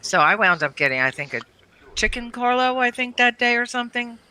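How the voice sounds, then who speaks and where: A middle-aged woman telling a funny family story in casual chat, animated and laughing between lines. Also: fairly high pitch, fairly quick. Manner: animated, laughs through her anecdotes.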